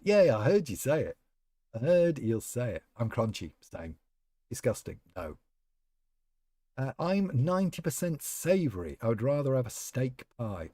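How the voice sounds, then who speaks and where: A man's dark, medium-pitched voice, captured in a dry recording, carries casual live-stream chatter while he plays a game. He wanders from topic to topic and speaks to members of his chat by name.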